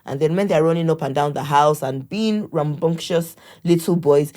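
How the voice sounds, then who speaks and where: Low-voiced woman telling family stories. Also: normal speed, few pauses. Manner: warm storytelling, acts out family members' lines. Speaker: guest. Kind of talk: casual conversation.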